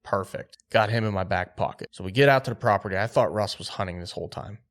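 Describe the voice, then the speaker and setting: A man telling a hunting story on a podcast, animated and acting out quotes. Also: lowish voice, fast. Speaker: podcast host.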